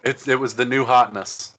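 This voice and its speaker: A man's voice: mid-range voice, a bit bright, slight background noise. A young man co-hosting a baseball watch party, chatting casually and chiming in with quips and laughs. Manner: laughs along, chimes in with quips. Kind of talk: casual chat.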